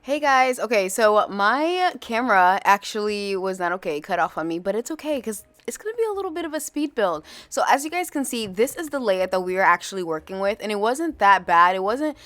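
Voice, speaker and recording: A woman's voice: medium pitch, expressive, brisk, hardly any pauses, a bit bright. A woman giving a casual gameplay voice-over in a chatty, rambling way that questions itself. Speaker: YouTube host.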